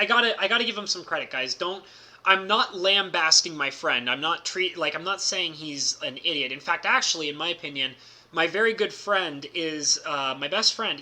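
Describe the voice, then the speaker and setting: Recounting a card game, this man on stream sounds giddy and loose, saying "like" constantly and breaking into laughter. His voice is high-pitched.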